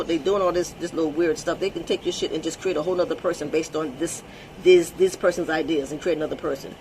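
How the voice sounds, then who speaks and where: A woman's voice: on the low side, noisy background. A woman hosting her own vlog, talking bluntly and emphatically in an unscripted monologue, swearing freely and repeating words as she restarts. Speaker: vlog host.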